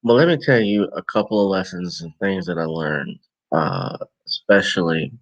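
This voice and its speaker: Worn-out new orleans guy, real low gravelly voice, slow rambly live stream chat. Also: no room sound, lo-fi sound. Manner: rambling, relaxed, self-correcting. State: tired and yawning. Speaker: vlogger and podcast host. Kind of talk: casual live-stream talk.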